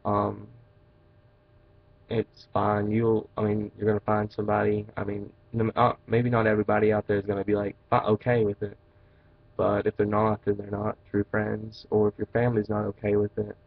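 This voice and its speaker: Low, flat-voiced hesitant teen boy. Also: vocal fry, narrow, tinny audio. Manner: hesitant, halting, many fillers and restarts. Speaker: vlogger. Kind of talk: personal confessional vlog.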